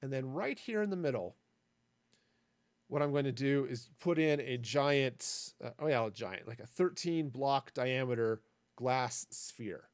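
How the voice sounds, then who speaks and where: Male streamer, loose, wandering commentary, lively pitch, dry close sound. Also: a little slow, dry recording. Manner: rambling, jokey asides. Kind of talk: casual gameplay commentary.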